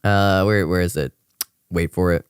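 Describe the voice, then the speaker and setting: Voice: low-pitched, fairly even intonation, normal speed, clean tone, no echo, studio quality. A young adult streamer chatting casually with viewers, rambling with lots of fillers and laughing often. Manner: giggly, laughs often, gushing. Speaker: streamer reviewing a cover mix.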